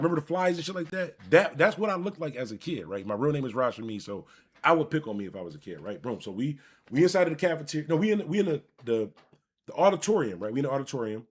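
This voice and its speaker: A man's voice: fairly high pitch, quick pace, breathy edge. A man from Buffalo, New York, hosting a live stream and telling a rambling, profane personal story straight to his viewers. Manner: animated, rambling, profane, addresses viewers directly. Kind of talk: casual storytelling.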